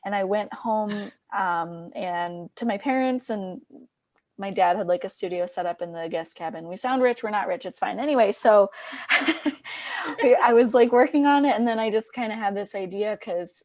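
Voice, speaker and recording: A young woman musician chatting in an interview, laughing often and acting out what people said in a higher voice. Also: moderate pace, a little mellow, no room sound. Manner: chatty, laughs often, acts out quotes in a high voice. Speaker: musician guest. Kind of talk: casual interview chat.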